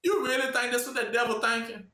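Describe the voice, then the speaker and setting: A man preaching in a loose, informal way, with a bright, sharp tone. He keeps stopping on "what?" so listeners can finish his sentences. The sound is roomy and echoing. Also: extremely high pitch, fairly even intonation, quick pace. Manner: asks the audience to fill in the word with "what?".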